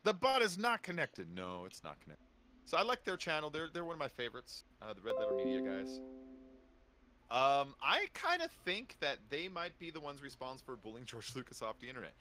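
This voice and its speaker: A man's voice: mid-range voice, wildly swooping pitch, a little fast, sharp tone, faint music behind. A man hosting a gaming stream, chatting casually in a rambling way full of fillers. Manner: rambling, filler-heavy, lots of "like". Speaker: streamer host.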